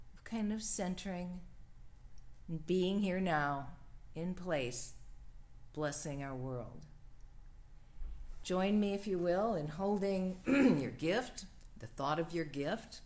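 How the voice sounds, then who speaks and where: Woman minister, low and slow, gentle prayerful delivery for a church livestream.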